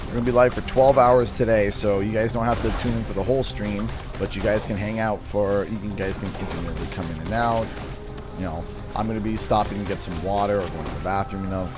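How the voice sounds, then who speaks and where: Hoarse Canadian streamer, low voice. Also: male voice, fast, music in the background. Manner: excitable, yelps and shouts at the game, then talks low. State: hoarse, losing his voice. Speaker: gaming livestreamer. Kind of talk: live gameplay commentary.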